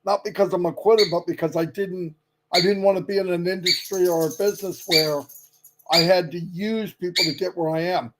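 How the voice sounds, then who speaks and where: A man's voice: high-pitched, fairly even intonation, a little fast, heavy background noise. A man chatting casually on a livestream, easygoing and rambling, with fillers and side remarks. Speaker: company leader on a livestream.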